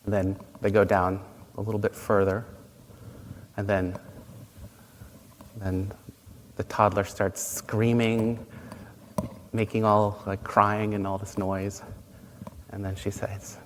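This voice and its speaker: Male Buddhist teacher, low voice, gentle, unhurried talk, long reverb in the room. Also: flat delivery. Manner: gentle, unhurried storytelling with pauses. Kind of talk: dharma talk. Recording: long reverb, faint noise.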